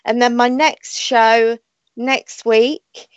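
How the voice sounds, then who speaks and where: A woman's voice: fairly high pitch, fairly even intonation, extremely slow, no echo, muffled recording. A British woman hosting a live online radio show, talking in a chatty, rambling way and laughing often. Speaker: radio show host and psychic reader.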